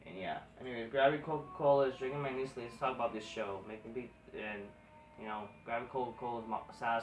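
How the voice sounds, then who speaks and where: A male wrestling vlogger with a mid-range voice rants casually and profanely about wrestling news at a quick pace, rambling, exasperated and restarting a lot. He's far from the mic in an echoey room, and there's a slight hiss or hum.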